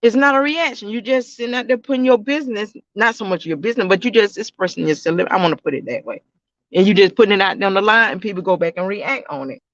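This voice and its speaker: High-voiced man, loose casual vlog talk. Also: fast, a bit bright, no echo, muffled recording. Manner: rambling, repeats himself, talks straight to viewers. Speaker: YouTube reaction channel host.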